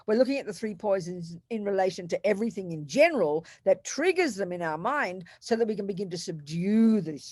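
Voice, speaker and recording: Animated Australian woman teaching. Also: mid-range voice, no echo. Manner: animated, emphatic, storytelling asides. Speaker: Buddhist teacher. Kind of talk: Buddhist teaching talk.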